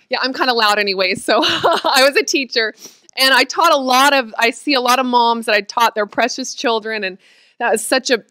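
A guest speaker in her late thirties from the Oklahoma panhandle, USA, shares a personal testimony in a fairly high, bright, forceful voice with no echo. She is chatty and emotional, tearful at times, and uses many fillers.

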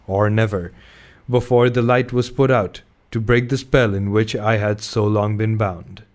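A man's voice: mid-range voice, a little mellow. Man reading a classic novel aloud. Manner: measured narration with small slips. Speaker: audiobook reader.

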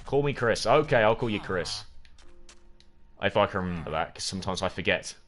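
A man's voice: on the low side, expressive, a little fast, fairly bright tone, faint music behind. A man livestreaming a video game, rambling, humming to himself and reading chat aloud. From United Kingdom. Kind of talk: gaming livestream chatter.

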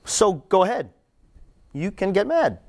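A young man speaks to a student group in a lively, conversational preaching style. His pitch sits a little high for a man and swings widely as he repeats lines for emphasis, dropping low and quiet to close a thought. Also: unhurried. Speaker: campus ministry speaker. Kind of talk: sermon-style talk.

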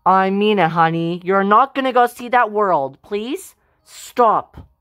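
A woman voicing a strict, overprotective mother in an amateur home-made family drama, scolding firmly in a slow, dry voice. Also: medium pitch, fairly bright tone, clean tone, dry recording. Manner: firm, scolding.

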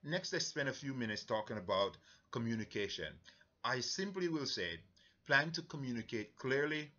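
A Jamaican man gives an earnest, halting church briefing, leaning on fillers as he goes. His voice is bright and forceful. The recording sounds somewhat dull and lo-fi. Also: mid-range voice, animated. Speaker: mission trip leader.

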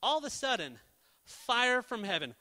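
High bright young man preaching in a reverberant hall. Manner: animated storyteller acting out characters in quick quoted voices; jokey. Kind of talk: casual youth sermon. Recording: long reverb of a church hall.

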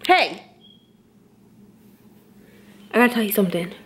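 A woman's voice: mid-range voice, big pitch swings, very fast. A young woman, teasing her boyfriend in a casual prank vlog and asking the same questions again and again. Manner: teasing, playful, repeats questions. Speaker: vlogger.

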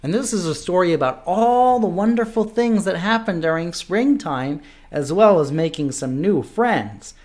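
A man reading a picture book aloud to children, playful and animated, stopping to make animal noises. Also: sits high, moderate pace, few pauses. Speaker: children's story reader.

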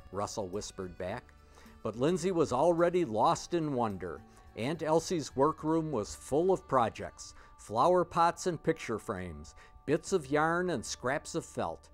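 Male storyteller, lively children's book narration, soft music under. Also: mid-range voice. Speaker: storybook reader. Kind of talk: reading a children's picture book aloud.

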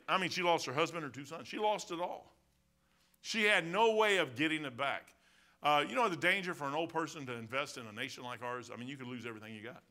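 Older Midwestern pastor, bright slightly high voice, animated storytelling sermon. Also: male voice. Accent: Midwestern American. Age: 60s. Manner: animated storytelling preacher, swinging from loud exclamations to quiet asides.

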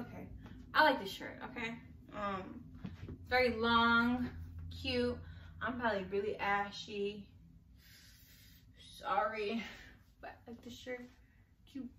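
A woman's voice: fairly high pitch, fairly bright tone, a little hiss or hum. A young pregnant woman vlogger talking casually and rambling, a bit out of breath and laughing often. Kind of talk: casual chat.

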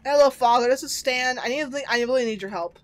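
A woman's voice: sits high, a little fast, no echo, close to an everyday voice. A woman voicing Stan, an anxious husband who rambles nervously in a video game. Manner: rambling, nervous, sarcastic asides.

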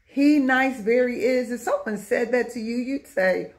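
A woman's voice: on the high side, measured pace. A middle-aged woman teaching young children a lesson in a patient, sing-song way.

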